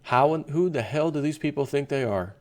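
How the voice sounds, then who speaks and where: A man's voice: fairly high pitch, expressive, brisk, a little mellow. A man hosting an opinion commentary vlog, talking in an indignant, rambling rant. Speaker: vlogger host.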